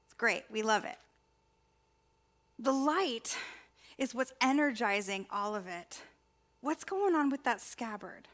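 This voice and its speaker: A woman, a spiritual practitioner, giving an inspirational sermon in a conversational, expressive way with repeated emphasis. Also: a little high, slow, long pauses. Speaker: spiritual practitioner and ministry student speaker.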